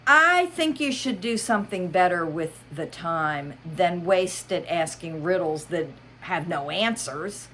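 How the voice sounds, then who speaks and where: A woman's voice: on the low side, animated, unhurried, few pauses, a bit bright, slight background noise. A woman voicing a polite, curious young girl in a storybook reading, with earnest questions.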